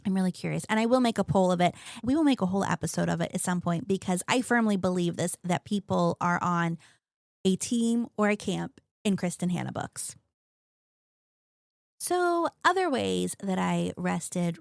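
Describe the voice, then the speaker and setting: A woman's voice: medium pitch, gravelly, no echo, clean studio sound. A woman in her thirties hosting a podcast, chatting casually and gushing enthusiastically about the books and shows she loves. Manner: gushing, chatty, animated storyteller. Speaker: podcast host.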